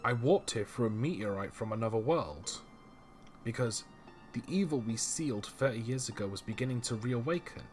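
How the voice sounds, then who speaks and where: A man voicing an old male warrior with lost memory, reading game dialogue slowly and gravely. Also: mid-range voice, lively intonation, faint music behind, lightly acted.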